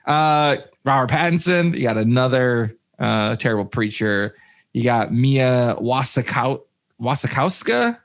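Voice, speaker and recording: A man's voice: medium pitch, animated, a little slow, fairly bright tone. A man co-hosting a casual movie review podcast, rambling with many fillers and restarts, with jokey asides. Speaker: podcast co-host.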